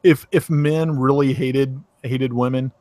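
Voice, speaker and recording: A man from Tennessee with a Southern accent, talking casually on a video call, halting with many restarts and fillers. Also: mid-range voice, fairly even intonation, darkish tone, no echo. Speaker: host. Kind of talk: casual online chat.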